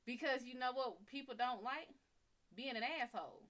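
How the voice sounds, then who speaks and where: Bright-voiced woman giving blunt advice. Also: sits high, moderate pace. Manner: blunt, animated, acts out dialogue. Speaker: psychic reader. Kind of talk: casual advice on live stream.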